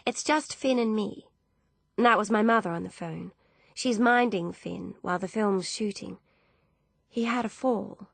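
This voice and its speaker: A woman voicing a young female film director, gentle and apologetic, speaking in an earnest, softly confiding way. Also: mid-range voice, measured pace, vocal fry, no echo. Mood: tender.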